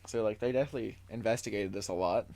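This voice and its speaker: Pitched low and dark, this man talks very fast as a podcast co-host. He tells a story in loose, filler-heavy chat, recapping from his notes and reading quotes aloud.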